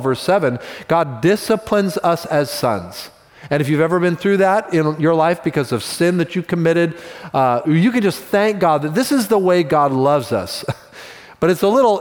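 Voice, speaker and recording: Male pastor, slightly higher voice, chatty sermon delivery with quips; a long hall echo trails each line. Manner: conversational storytelling with quips.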